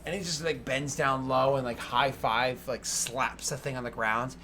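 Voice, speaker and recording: A man narrating as game master in a tabletop game, animated and full of fillers. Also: mid-range voice, normal speed, a little hiss or hum.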